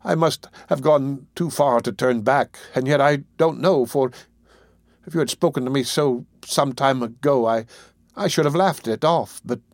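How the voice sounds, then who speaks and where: A man's voice: mid-range voice, normal speed, dry recording, clean studio sound, close to an everyday voice. A man voicing a fearful young street woman in an audiobook reading, who talks in an agitated, hasty way with broken restarts. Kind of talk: audiobook character voice.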